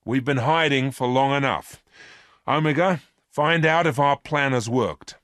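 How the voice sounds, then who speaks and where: A man voicing a greedy female space thief in a storybook reading, with a raised, shrill, excited manner. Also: measured pace, dry recording, studio quality, close to an everyday voice. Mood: commanding.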